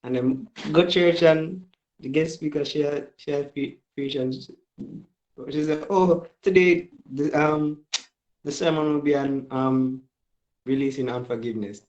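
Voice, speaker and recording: A man, casually sharing a personal story at a Bible study in a relaxed, slangy way. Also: a little high, unhurried, muffled recording.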